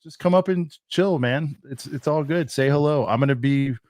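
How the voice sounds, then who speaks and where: A man's voice: a little high, moderate pace, darkish tone, dry recording, clean studio sound. A man co-hosting a casual podcast, talking in a rambling, jokey, self-deprecating way. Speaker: podcast co-host. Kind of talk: casual chat.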